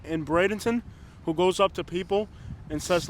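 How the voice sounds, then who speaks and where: A man's voice: high-pitched, normal speed, slight background noise. A man interviewing someone on the street, with laid-back, teasing banter. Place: outdoors by a street.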